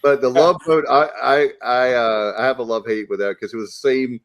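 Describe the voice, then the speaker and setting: A middle-aged man co-hosting a sports talk show. His voice is mid-pitched and close, dry-sounding, and he talks in an eager, chatty way. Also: fairly even intonation, brisk, no room sound. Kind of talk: casual chat.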